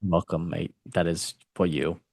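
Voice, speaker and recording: A man's voice: sits low, flat delivery, unhurried, gravelly, a little mellow, dry recording. A man hosting a casual football show and quiz, talking in a playful, self-mocking way with big swings in delivery. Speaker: show host and quizmaster. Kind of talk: casual online show chat.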